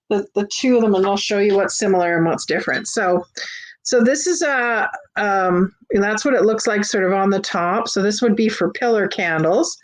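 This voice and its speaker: A woman hosting a live vintage sale from her home, chatting casually with fillers as she shows each item. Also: on the high side. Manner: chatty, unhurried, with frequent fillers and restarts. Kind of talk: casual live-stream selling. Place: home on a busy street.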